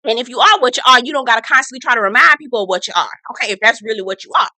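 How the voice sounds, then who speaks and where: A woman's voice: on the high side, racing, pushed and bright, dry recording. A woman hosting a casual reality TV recap, talking in a blunt, sassy, profane way.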